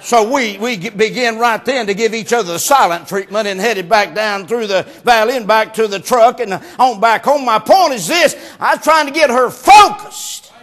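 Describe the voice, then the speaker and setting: High-voiced preacher, folksy and shouting. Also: male voice, normal speed, few pauses. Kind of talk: sermon.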